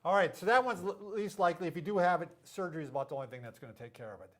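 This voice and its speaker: A man's voice: fairly high pitch, very fast, a bit bright. A middle-aged man who is a physical therapist, hosting a casual, joking explainer and tripping over medical terms. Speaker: physical therapist, show host.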